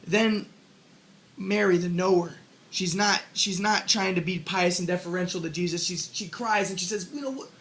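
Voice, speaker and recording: A man's voice: high voice, fairly even intonation, moderate pace, fairly bright tone. A man giving an informal spoken lecture, casually retelling a story and thinking aloud as he explains his own model. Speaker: self-published theorist explaining his model.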